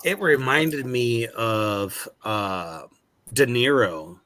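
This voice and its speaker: A man in casual podcast chat, talking slowly and emphatically about acting work and swearing freely. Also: medium pitch, animated, bright, forceful tone. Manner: slow, emphatic, swears a lot. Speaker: actor guest.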